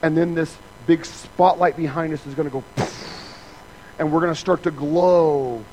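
A man's voice: fairly high pitch, steady tone, normal speed, darkish tone, slight background noise, low-quality recording. A man preaching a sermon in a conversational way, acting out little scenes with voices and sound effects and often asking "right?". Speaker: pastor.

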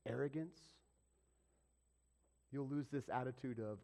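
A man preaching a sermon as pastor, swinging between loud, emphatic peaks and hushed whispers. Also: medium pitch, expressive, normal speed.

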